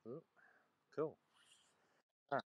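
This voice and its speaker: A man's voice: drawn-out words, dry recording, lo-fi sound. Chatty man rambling on a walk. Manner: chatty, rambling, restarts often. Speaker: vlogger. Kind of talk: casual chat while walking. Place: outdoors in a churchyard.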